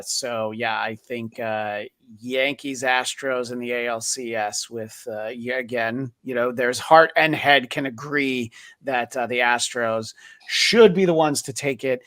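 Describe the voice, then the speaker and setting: A male podcast host leading a relaxed sports roundtable. He meanders through his points with frequent "uh" fillers. His voice sits mid-range and sounds dry and close. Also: medium pitch, no room sound. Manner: rambling, many "uh" fillers. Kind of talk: casual sports chat.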